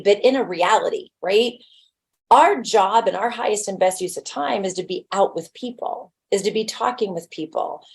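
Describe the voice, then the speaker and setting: A woman's voice: mid-range voice, a little mellow. A woman who works as a real estate agent, giving a casual webinar talk in a blunt, conversational way and using homely everyday examples.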